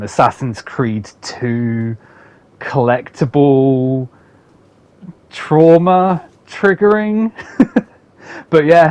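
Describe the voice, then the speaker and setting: A man's voice: mid-range voice, darkish tone. A man hosting a casual game review video with playful, sarcastic commentary. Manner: sarcastic, playful, laughs often. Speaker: gaming video host.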